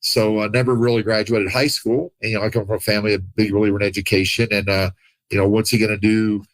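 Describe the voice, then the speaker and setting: Animated man telling his story. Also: on the low side, fast talker, no room sound, low-quality recording. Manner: animated, acts out quoted voices, laughs often. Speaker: podcast guest. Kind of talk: casual storytelling.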